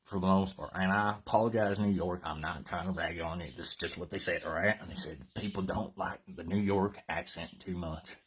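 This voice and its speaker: A man's voice: low-pitched, steady tone, brisk, hardly any pauses, a bit bright, slightly rough. A man from Colorado hosting a live workout, joking around in casual banter and slightly winded from exercising. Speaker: fitness host.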